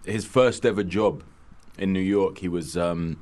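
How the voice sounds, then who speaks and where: Low-voiced man, animated storyteller. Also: measured pace. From London. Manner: lively storyteller, laughs often, voices bursts of excitement. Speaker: radio co-host. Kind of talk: casual radio banter. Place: radio studio.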